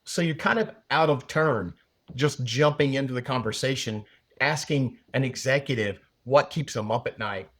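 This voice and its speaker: A man appearing as a guest on a podcast, a sales leader who makes his points through lively hypothetical scenarios. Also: mid-range voice, moderate pace. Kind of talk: casual conversational interview.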